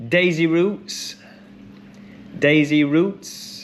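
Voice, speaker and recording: A man hosting a pub quiz, chatty and rambling with many ums and restarts, who reads each question and then repeats it slowly. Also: medium pitch, a little hiss or hum. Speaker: quiz host.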